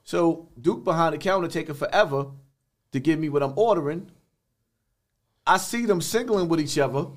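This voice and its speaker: Blunt older New man, high voice. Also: normal speed, long pauses. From the Bronx, New York. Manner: blunt street talk with frequent restarts. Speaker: guest. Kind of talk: podcast interview.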